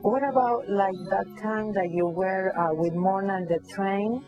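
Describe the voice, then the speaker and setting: A woman's voice: mid-range voice, unhurried, highs cut off. A woman interviewing a guest, asking questions in a hesitant, chatty way with many restarts. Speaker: interviewer and author. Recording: music clearly audible behind.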